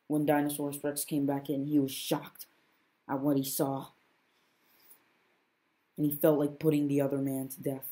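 A woman's voice: rumbling low, little pitch movement, normal speed, warm tone. A woman narrating a homemade first-person story in a subdued way, repeating phrases as she goes.

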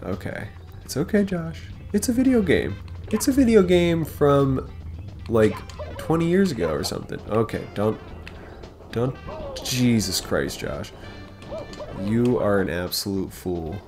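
A man hosting a casual let's play, talking to the game as he goes, excitable and swearing often. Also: mid-range voice, unhurried, over music. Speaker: gaming channel host.

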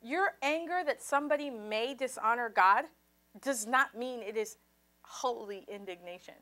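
High, bright-voiced woman pastor preaching. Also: normal speed. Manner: impassioned preaching, leads congregation in call and response; swings from soft and low to loud, high exclamations. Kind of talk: sermon.

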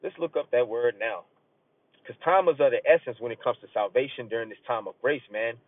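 A man's voice: mid-range voice, a little fast. Earnest man preaching over a tinny line. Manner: loose and conversational, drops "man" often, reads scripture aloud; earnest and urging, rising as he presses a point. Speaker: street preacher. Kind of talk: casual sermon. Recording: tinny phone-like audio, dry.

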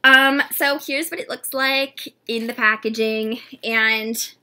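A woman vlogging an unboxing in a casual, gushing way, a little congested from a cold and often slipping into a breathy whisper. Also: fairly high pitch, slow pace. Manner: gushing and excitable. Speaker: doll collector vlogger. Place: at home with a dog.

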